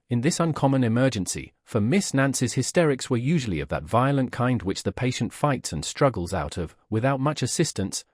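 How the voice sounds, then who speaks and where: A man reading a classic novel aloud as an audiobook narrator, with expressive storytelling. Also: medium pitch, breathy edge, dry recording, studio quality. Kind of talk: scripted narration.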